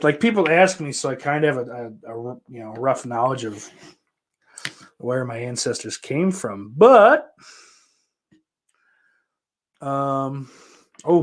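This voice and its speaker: A man from hosting a podcast, rambling in casual chat, with lots of swearing, fillers and restarts. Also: medium pitch. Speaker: podcast host. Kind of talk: casual chat answering viewer questions.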